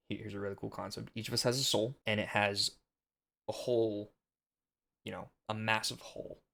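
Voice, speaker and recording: A man's voice: on the low side, gravelly, a bit bright. A young man hosting a casual film commentary monologue, earnest and preachy with a rambling delivery.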